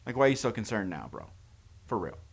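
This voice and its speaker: A man's voice: on the low side, very animated, fast, gravelly, husky. Sarcastic man recapping a horror movie. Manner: sarcastic, incredulous. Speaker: movie reviewer. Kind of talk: casual plot recap and commentary.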